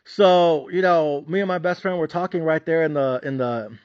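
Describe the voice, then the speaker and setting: A man hosting a podcast, telling stories in a profane, animated comedic rant that is full of repetition. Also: a little high, normal speed, smooth. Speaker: podcast host. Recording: slightly dull, dry lo-fi recording.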